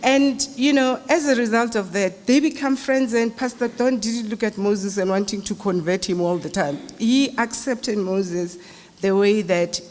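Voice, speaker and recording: In a large hall with long reverb, a middle-aged South African woman gives a memorial eulogy made up of conversational, anecdotal stories. Her voice sits in the mid-range and sounds a little mellow.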